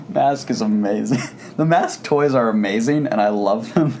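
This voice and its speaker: A man's voice: mid-range voice, a little slow, noisy background. A man co-hosting a podcast, talking casually and enthusiastically about comics, rambling with frequent restarts. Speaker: podcast co-host. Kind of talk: casual comic book discussion.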